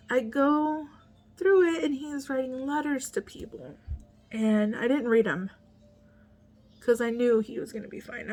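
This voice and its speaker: A woman in her thirties telling a personal story as a mother, speaking softly with many pauses and restarts, at times near a whisper. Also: sits high. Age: 30s. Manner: halting, soft-spoken, pauses and restarts, often near a whisper.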